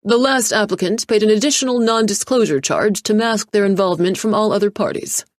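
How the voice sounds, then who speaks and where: A woman's voice: mid-range voice, fairly quick, no room sound, clean studio sound, voice pushed up, natural voice. A woman voicing an eager, agreeable male technician who reassures his boss. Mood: placating.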